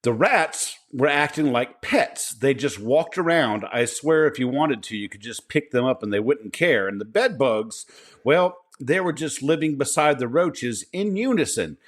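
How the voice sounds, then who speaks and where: A man's voice: medium pitch, animated, a little slow. A man co-hosting a podcast, laid-back and profane, reading listener stories aloud between casual banter. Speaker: podcast co-host.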